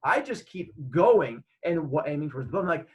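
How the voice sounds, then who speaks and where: A man's voice: on the high side, a little fast, dull audio. A man hosting his own show, telling an anecdote casually and acting out the dialogue. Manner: animated, acts out dialogue. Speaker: host. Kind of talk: casual storytelling.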